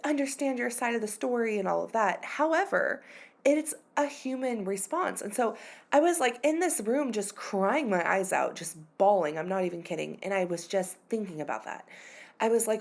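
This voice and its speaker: A woman's voice: medium pitch, expressive, normal speed, gravelly. A woman in her thirties speaks close to the mic in a candid, confessional podcast monologue. Her talk is loose and full of fillers, and her voice at times sounds near tears. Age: 30s. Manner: candid and confessional, uses many fillers like "like" and "you know". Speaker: podcast host.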